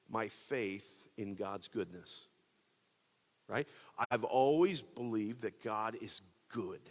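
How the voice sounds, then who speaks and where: A man's voice: mid-range voice, a bit bright, long reverb tail. A man pastor giving a sermon, telling a personal story in a casual, conversational way with many fillers. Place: church auditorium.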